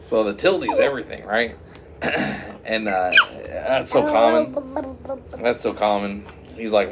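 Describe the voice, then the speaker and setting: A man's voice: lowish voice, sing-song, a little hiss or hum. Rambling man improvising a silly story. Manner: rambling, halting, many restarts.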